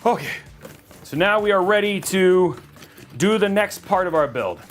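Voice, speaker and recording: A man's voice: high voice, animated, measured pace, faint music behind. A man hosting a live PC-building stream from a studio. He chats casually and cheerfully and rambles with plenty of fillers. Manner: chatty, upbeat, rambling with fillers. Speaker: livestream host building a PC.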